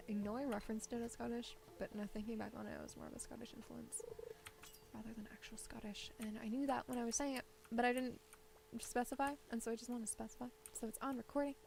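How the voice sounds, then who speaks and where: A woman streaming a farming game, rambling and thinking out loud with little laughs into a low-set desk mic. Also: vocal fry. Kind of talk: casual gameplay commentary. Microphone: desk microphone set low.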